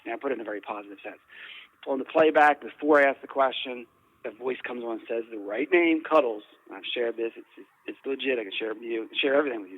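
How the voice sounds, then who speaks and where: Male guest, mid-pitched, talks in loose rambling runs and restarts often; the audio is thin and phone-like. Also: no room sound. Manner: rambling, frequent restarts and repeated words. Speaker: interview guest, paranormal investigator. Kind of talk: conversational interview. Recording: tinny phone-like line.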